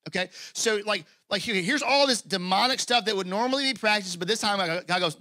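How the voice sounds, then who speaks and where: A male pastor delivers a sermon in a lively, conversational style packed with quick asides, acting out scripture quotes in character voices. His voice is fairly high for a man and forceful, recorded close and dry with little room sound.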